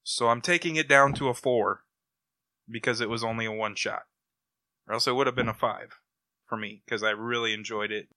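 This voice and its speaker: A man animatedly recapping a comic on a casual podcast, jumping into characters' lines as he goes. His voice is very bright and forceful. The recording is dry, with no room sound. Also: mid-range voice, brisk, no echo. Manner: animated retelling, acts out quotes, laughs often. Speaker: comic book podcast panelist. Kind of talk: casual review chat.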